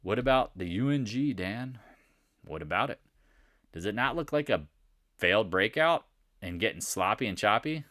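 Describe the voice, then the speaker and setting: A man's voice: on the low side, expressive, normal speed, pauses often, a bit bright, no room sound, clean studio sound. A man giving a casual, jokey trading recap over charts, talking straight to his viewers and answering questions he imagines them asking. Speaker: market analyst host.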